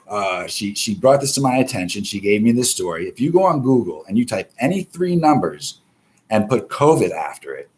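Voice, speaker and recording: A man's voice: medium pitch, a little mellow. A man hosting a live stream, chatting casually about the news in a rambling, heavily profane way. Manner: profane, rambling, swears constantly.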